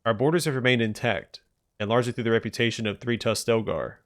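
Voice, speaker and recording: A man reading out the lines of a proud, grim old male tribal chieftain in a stern, measured way. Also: mid-range voice, natural voice.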